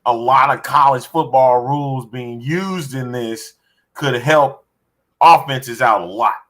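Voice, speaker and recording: A man co-hosting a casual sports podcast, rambling excitedly as he spins out ideas. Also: mid-range voice, slow. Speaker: podcast co-host.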